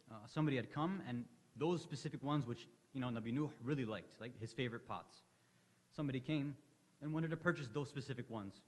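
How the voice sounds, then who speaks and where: Man lecturing in a reverberant hall. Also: fairly high pitch. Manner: conversational storytelling, acting out quoted dialogue. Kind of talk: religious lecture. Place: hall of an Islamic center.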